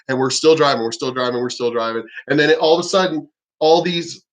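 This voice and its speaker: A man's voice: a little high, fast talker, muffled recording. A man ranting on his vlog, heated and profane. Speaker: vlogger. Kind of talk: casual rant.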